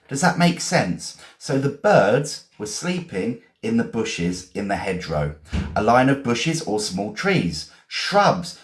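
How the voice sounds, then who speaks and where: A man from England, teaching vocabulary on a live stream, spelling words out and praising learners. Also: mid-range voice. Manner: encouraging, repeats and spells words. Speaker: English teacher.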